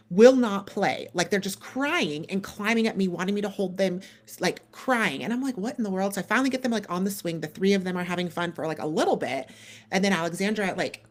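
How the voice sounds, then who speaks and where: A woman in her thirties hosting a podcast, telling a long story in a casual, animated way, full of "like" and acted-out dialogue. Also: on the low side. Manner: animated, lots of "like" and quoted dialogue. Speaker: podcast co-host.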